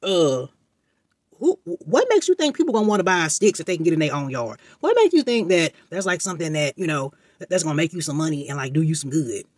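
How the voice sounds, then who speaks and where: A man voicing a dismissive parent who mocks a child with rapid put-downs. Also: a little high, husky, no room sound. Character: dismissive scolding parent, adult.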